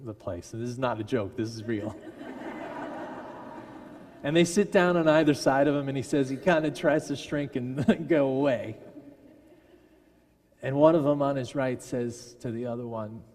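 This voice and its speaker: A man preaching a sermon as a minister, telling a story with lively delivery and briefly acting out the people in it. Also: medium pitch, moderate pace, pauses often. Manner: animated storyteller who acts out quoted voices. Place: large church sanctuary. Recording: long church reverb. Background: congregation laughing.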